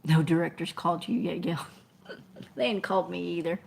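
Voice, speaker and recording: A woman's voice: lowish voice, fairly even intonation, fairly quick, vocal fry, a little mellow, slight background noise. A middle-aged woman, chatting scattered and laughing as she reads viewer comments on a livestream. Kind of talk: casual live chat.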